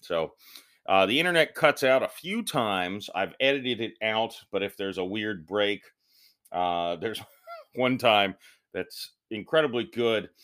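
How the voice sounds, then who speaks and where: A man's voice: fairly low pitch, expressive, a little slow, fairly bright tone. A man hosting a podcast, talking through a casual solo intro in a rambling, loose and self-deprecating way. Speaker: podcast host.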